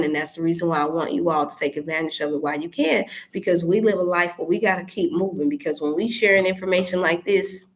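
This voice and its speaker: Emphatic middle-aged woman wellness host. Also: fairly low pitch. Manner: animated, preachy, rising to emphatic. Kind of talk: casual livestream talk to viewers.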